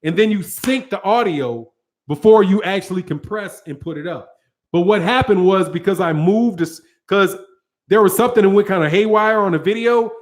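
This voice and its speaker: A man hosting a boxing channel livestream. He reads out viewer chat and talks to viewers in a casual, slangy, profane way. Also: high voice. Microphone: studio microphone with several cameras.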